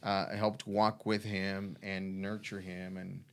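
A man, telling his faith testimony in a halting way, full of restarts and fillers. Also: low-pitched, level tone, fairly bright tone. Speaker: guest sharing a faith testimony. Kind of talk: conversational storytelling.

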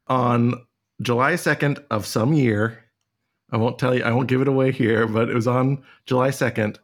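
A man's voice: mid-range voice, fairly even intonation, moderate pace. A man co-hosting a trivia game, chatting casually, laughing often and telling a rambling story. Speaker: trivia show co-host.

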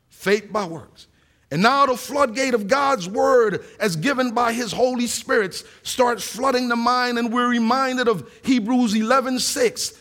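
A man who is a pastor, preaching a sermon with earnest rhetorical questions and reading scripture aloud slowly for emphasis. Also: very high-pitched, fairly bright tone.

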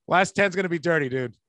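A man with a high voice tells stories about his comedy gigs in a loose, animated way, slipping into the voices of the people he quotes. The recording is close and dry, with no room sound behind it. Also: no echo. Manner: animated storyteller, acts out quotes. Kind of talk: casual podcast chat.

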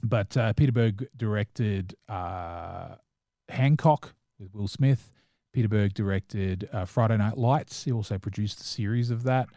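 A man's voice: lowish voice, a little slow, dark tone, dry recording, clean studio sound. A man with a New Zealand accent, co-hosting a casual chat about films and shows, talking in a rambling, enthusiastic way full of restarts and fillers. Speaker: podcast co-host.

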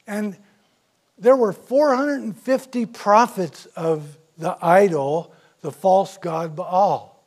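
A male pastor preaching a sermon, retelling scripture stories with big swings from loud to soft. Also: high-pitched, takes it slowly. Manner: storytelling, dramatic swings in loudness.

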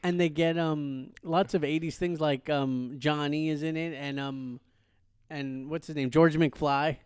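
A man's voice: a little high, fairly even intonation, measured pace, clean tone, no echo, studio quality. A man in a casual movie chat, talking hesitantly with many fillers.

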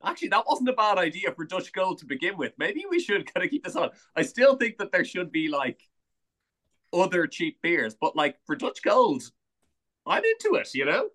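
A man in casual podcast chat, telling a story in an animated way with some swearing. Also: high-pitched, normal speed. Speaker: podcast co-host.

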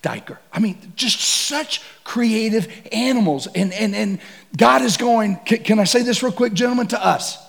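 Brief: high-voiced gravelly man, comic preacher telling safari tales. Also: moderate pace. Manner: animated, shouts and laughs through stories. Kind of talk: comedic sermon storytelling.

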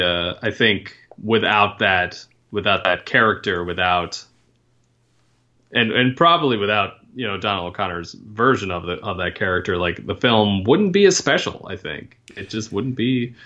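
A man's voice: on the low side, unhurried, sharp tone. A man co-hosting a casual film podcast, rambling and correcting himself as he goes. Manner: rambling, apologetic, self-correcting. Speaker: podcast co-host. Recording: slightly dull, lo-fi sound.

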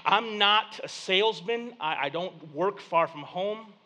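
A man, preaching a sermon with animated storytelling and acted-out voices. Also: high voice, a little slow. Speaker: pastor.

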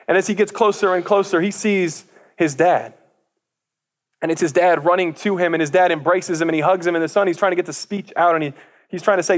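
A man preaching a sermon, retelling a parable in casual, lively storytelling with slang, frequent stammered restarts, and acted-out voices for the characters. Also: sits high, fast.

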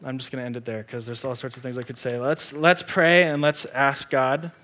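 A male pastor delivering a sermon, mixing teaching with a personal story told in an easy, conversational way, going loud at times and dropping soft at others. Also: medium pitch, little pitch movement, a little fast.

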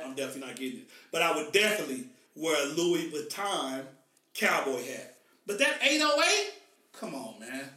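Male podcast host from the Midwest, high and bright, animated and slangy, echoey distant room. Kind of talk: casual podcast chat. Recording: echoey room, mic far off.

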